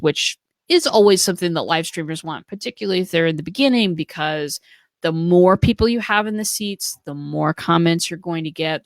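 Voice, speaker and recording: A woman's voice: sits low, no room sound. An American woman co-hosting a live stream, giving earnest, practical advice with plenty of fillers. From United States. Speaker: co-host. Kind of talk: casual live-stream chat.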